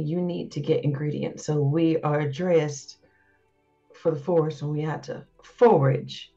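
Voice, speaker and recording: A woman's voice: low voice, dark tone, highs cut off. A woman playing a tabletop game, talking in a hesitant, laughing way. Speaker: player.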